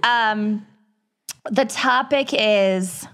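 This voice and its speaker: A woman with a Minnesotan accent hosting a podcast in casual chat, excitable and giggly. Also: on the high side, slow pace. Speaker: podcast host.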